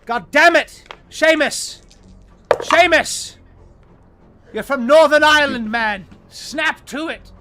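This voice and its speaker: A man voicing a panicked male train crewman who yells orders at a dazed engineer. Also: extremely high pitch, slow pace, slight background noise, voice pushed up, heavily acted. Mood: frantic yelling. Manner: frantic, yelling.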